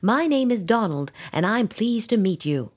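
A woman's voice: mid-range voice, sing-song, moderate pace, a little mellow, husky, voice pushed up. A woman voicing a courteous, well-mannered young boy fairy in a storybook reading. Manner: courteous and formal. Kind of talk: storybook read-aloud.

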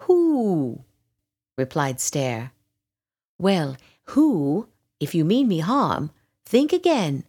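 A woman puts on a clumsy little boy dragon from a storybook, whose hurt feelings spill out as high, blustering bravado. He talks slowly and his voice leaps up and down. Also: sing-song, dark tone, breathy edge, full character voice. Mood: indignant. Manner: puffed-up bravado, high and pleading. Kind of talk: storybook read-aloud.

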